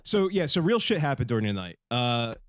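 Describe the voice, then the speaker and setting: A man's voice: mid-range voice, big pitch swings, a little fast, dry recording. A man hosting a podcast in casual chat, rambling with fillers and swearing. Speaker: podcast host.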